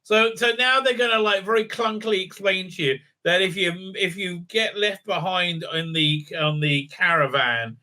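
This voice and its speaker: Male reviewer, sarcastic and foul-mouthed, stumbling through fillers; sharp, somewhat high voice. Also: steady tone. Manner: sarcastic, profane, halting with many fillers. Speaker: TV show reviewer. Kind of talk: ranting recap and review.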